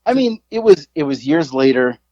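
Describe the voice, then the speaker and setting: A man's voice: on the high side, sing-song, moderate pace, mellow, dry recording, highs cut off. A man in his forties, a podcast co-host, telling a rambling, profane, self-mocking story in casual chat.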